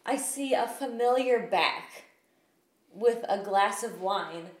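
A woman hosting a casual chat, telling profane, animated stories about meeting celebrities. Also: a little high, slow pace. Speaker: podcast host. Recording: echoey room, faint noise.

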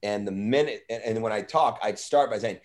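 A man hosting a podcast, telling a story in an animated, rambling way and swearing freely. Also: lowish voice, brisk. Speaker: podcast host. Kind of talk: casual storytelling.

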